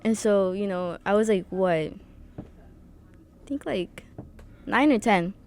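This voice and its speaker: A young woman tells a personal story as a podcast guest, in a mid-range voice. She talks haltingly, with frequent laughs. A faint background hiss sits under the recording. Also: medium pitch, a little mellow. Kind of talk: casual chat.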